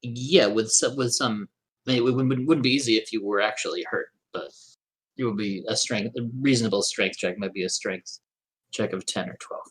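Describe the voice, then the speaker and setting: A man's voice: lowish voice, moderate pace, a bit bright, breathy edge. A man running a tabletop game as game master, giving matter-of-fact rulings and asking clarifying questions.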